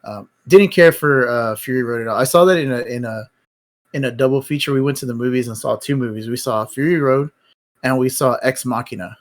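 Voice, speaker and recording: This man's medium-pitched voice moves at a brisk clip. Hosting a live stream, he chats about movies casually, rambling and blunt and swearing freely.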